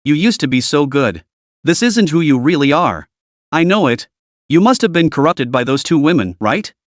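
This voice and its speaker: A man's voice: fairly high pitch, big pitch swings, moderate pace, no room sound, studio quality. A man voicing a frantic, tearful young sister. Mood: desperate. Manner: screaming, pleading, trembling. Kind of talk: storybook recap reading.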